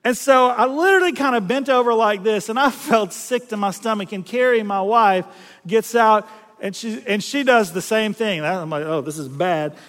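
A middle-aged man from South Louisiana, preaching a storytelling sermon in a folksy, animated way, acting out voices and laughing at himself. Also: high-pitched, normal speed, in a large hall.

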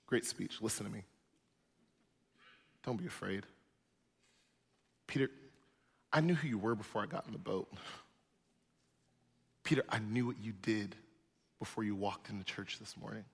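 A man voicing Jesus as a gentle, calm, reassuring man, speaking softly and low. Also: moderate pace, gravelly, pauses often, breathy edge, big-room sound. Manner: soft, low and hushed.

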